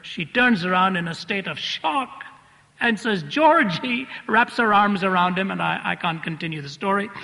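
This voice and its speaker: A man delivers a sermon as a vivid storyteller, leaning on repeated phrases. His voice is bright and a touch high. A long reverb from the large hall trails every line. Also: brisk, creaky, hardly any pauses. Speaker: preacher. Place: large hall before an audience.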